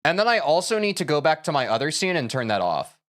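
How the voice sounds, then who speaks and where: Rambling streamer talking to chat. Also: male voice, fairly high pitch, sing-song, fast, fairly bright tone, no room sound, clean studio sound. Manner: rambling, self-interrupting, opinionated. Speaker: game streamer. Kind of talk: casual live-stream talk to chat.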